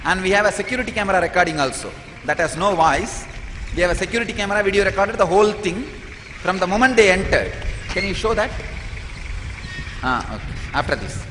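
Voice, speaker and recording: Insistent press conference speaker. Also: male voice, high-pitched, lively intonation, fast talker, noisy background. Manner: insistent, rhetorical questions. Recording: reverberant press hall.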